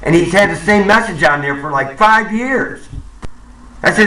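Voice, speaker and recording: A man's voice: sits high, lively intonation, normal speed, pushed and bright, reverberant, distant mic, a little hiss or hum, low-quality recording. A man ranting angrily to camera, swearing and repeating himself, in a profane monologue. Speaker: vlogger. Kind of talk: profane conspiracy rant to camera.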